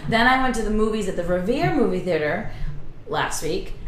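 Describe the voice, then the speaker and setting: A woman's voice: mid-range voice, lively intonation, normal speed, echoey room, slight background noise, low-quality recording. A woman co-hosting a casual chat show, bubbly and rambling, laughing often. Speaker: podcast co-host.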